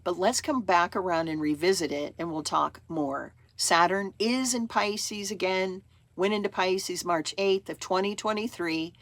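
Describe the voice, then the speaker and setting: A woman's voice: fairly low pitch, measured pace, dry recording. A woman astrologer talking casually to camera in a chatty, rambling way, acting out her own thoughts as she goes.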